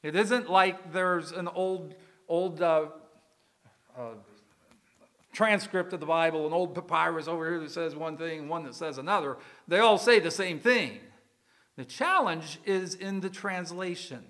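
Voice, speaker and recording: A man preaching to his congregation in a relaxed, conversational way, often asking the listeners questions. His voice sits high for a man and has a bright, clear edge. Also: unhurried. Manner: conversational, asks the congregation questions, uses some fillers. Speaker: pastor. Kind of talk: sermon.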